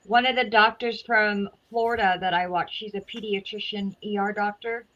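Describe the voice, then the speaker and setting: A woman's voice: mid-range voice, steady tone, moderate pace, pushed and bright, dull audio. A woman chatting casually as a guest, talking at length in a rambling way. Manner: rambling, talkative. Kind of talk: casual chat.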